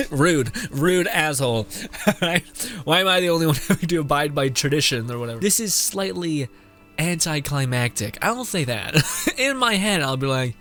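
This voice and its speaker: A man's voice: on the high side, expressive, normal speed, fairly bright tone, faint music behind. A young man streaming a video game, sarcastic and profane, often laughing at the story. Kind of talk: game commentary.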